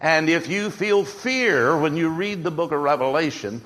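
A man's voice: a little high, lively intonation, normal speed, few pauses, fairly bright tone. Man, preacher, emphatic sermon delivery, rhetorical questions, long hall reverb.

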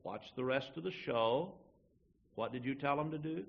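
A man's voice: mid-range voice, moderate pace, vocal fry, muffled recording. A man preaching a folksy sermon to his church, acting out little everyday dialogues as he teaches. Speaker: pastor.

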